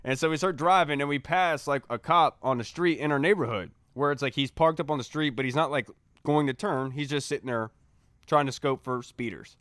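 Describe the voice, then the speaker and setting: A young man, a podcast co-host, telling a story in a casual, animated way and acting out the voices he quotes. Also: medium pitch, brisk, no echo, studio quality.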